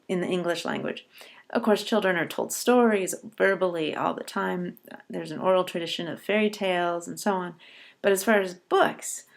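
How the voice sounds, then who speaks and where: A woman lecturer talks through a poem in a patient, explanatory way. She slows down to read each verse line with care before unpacking it. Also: on the low side, gravelly. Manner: patient, explanatory, reads verse lines slowly and deliberately. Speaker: college professor.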